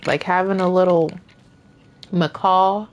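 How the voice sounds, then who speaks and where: A woman with a lowish voice talks through her game in an unhurried, drawn-out way. She rambles casually, often dropping into soft murmurs between thoughts. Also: steady tone, slight background noise. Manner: chatty, rambling, often trails off softly. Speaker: gaming streamer. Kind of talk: casual gameplay commentary.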